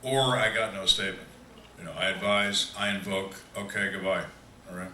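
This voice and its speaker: Older guy telling cop stories to a crowd, low bright voice, echoey room mic'd from far off. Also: moderate pace, slight background noise. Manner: dry, plainspoken storyteller acting out quoted voices. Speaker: retired homicide detective speaking to fans. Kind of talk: storytelling Q&A talk. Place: large hall on a cruise ship.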